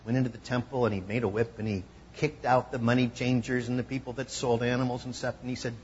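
A man preaching a conversational sermon, teaching from scripture and acting out quoted voices with lively emphasis. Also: medium pitch, fast talker, hardly any pauses, dull audio, a little hiss or hum. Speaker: pastor.

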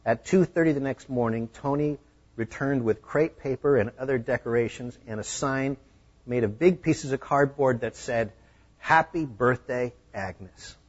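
Preacher telling a sermon story, husky, muffled lo-fi recording. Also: male voice, mid-range voice, normal speed. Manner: animated, acting out the scenes. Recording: dull lo-fi recording.

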